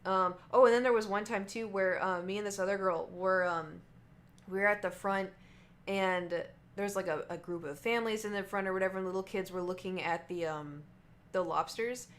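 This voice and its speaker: A woman's voice: medium pitch, normal speed. A young woman streamer rambling through work stories in a chatty way, full of "like" and restarts. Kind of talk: casual storytelling.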